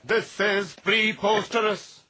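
An actor playing a proud, quick-tempered temple elder in a dubbed film, commanding and scornful. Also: male voice, on the high side, expressive, sharp tone, slight background noise.

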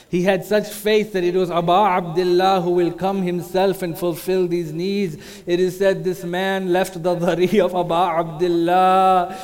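A man preaches a sermon in a high, fairly level voice. He tells the story steadily and slips into mournful chanting. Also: little pitch movement, a little slow, few pauses, darkish tone. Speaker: religious speaker.

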